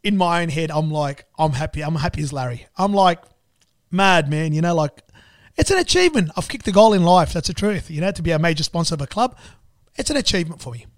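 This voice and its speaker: An Australian man, a business owner, telling a story in an animated, repetitive way and acting out the dialogue. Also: a little high, a little fast, dry recording, clean studio sound. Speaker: business owner and club sponsor. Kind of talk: storytelling in conversation.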